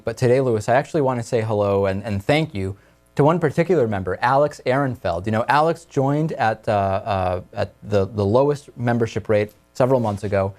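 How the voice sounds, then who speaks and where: A man's voice: medium pitch, darkish tone. A man hosting a talk radio show, leading casual discussion with his co-hosts in a conversational way.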